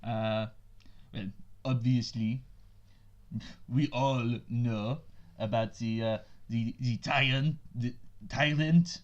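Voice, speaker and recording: A man's voice: mid-range voice, fairly even intonation, slow pace, pauses often, muffled recording, close to an everyday voice. A man voicing a sly, secretive male wizard with a put-on French accent, speaking evasively and hesitantly.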